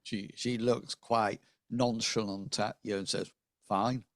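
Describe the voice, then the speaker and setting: Slow, gravelly-voiced man running a game. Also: lowish voice, steady tone, no echo, studio quality. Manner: halting, many ums and restarts. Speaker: game master. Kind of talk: narrating a tabletop game.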